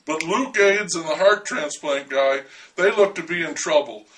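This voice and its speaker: A man's voice: fairly high pitch, normal speed, fairly bright tone, recorded from a distance, poor audio. A man narrating a first-person story in a dry, wry way.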